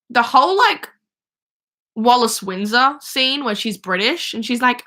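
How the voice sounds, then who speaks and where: Young woman livestream host, bright voice, excitable fan rambling. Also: a little high, normal speed. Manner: chatty, gushing, many fillers and restarts. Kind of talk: casual fan chat. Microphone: phone or webcam.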